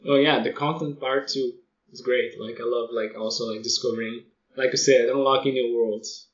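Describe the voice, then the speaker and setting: A man co-hosting a podcast in a relaxed, slangy casual chat, full of "like". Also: medium pitch, moderate pace. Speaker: podcast co-host. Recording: roomy, distant, dull audio.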